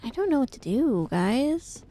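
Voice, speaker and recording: A young woman from the American Midwest chats loosely through a gaming stream at home. Her voice sits a little high, and she rambles, swears freely and laughs between thoughts. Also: big pitch swings, unhurried, warm tone, slight background noise. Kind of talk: casual live-stream chat while gaming. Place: home, indoors.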